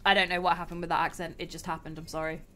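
A young adult woman hosting a live game stream, commentating excitedly and laughing often. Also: on the low side, rapid-fire. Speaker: streamer host.

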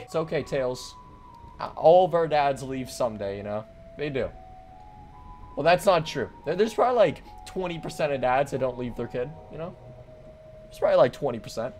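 A young man doing let's play commentary, hyper and rambling, joking around and breaking into sudden loud outbursts. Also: medium pitch, animated, moderate pace. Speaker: gaming commentator. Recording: faint game music behind.

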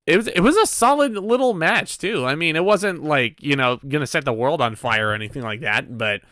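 A man with a bright, fairly high voice talks about a wrestling show on a podcast. He swings his pitch a lot and packs his opinions with filler ums, and the sound is dry and close. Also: animated, brisk, no echo. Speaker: guest cohost. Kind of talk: casual wrestling review chat.

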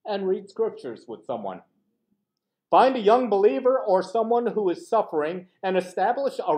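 A male teaching pastor leads a Bible class in a lively, conversational way, with his pitch swinging widely. His voice sits a bit high for a man. He keeps asking his listeners rhetorical questions and acts out little quoted exchanges as he goes. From United States.

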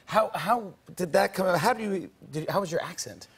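A man's voice: sits high, moderate pace, fairly bright tone, breathy edge. A man hosting a late-night talk show, chatting with a guest in an enthusiastic, effusive way. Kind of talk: casual interview chat.

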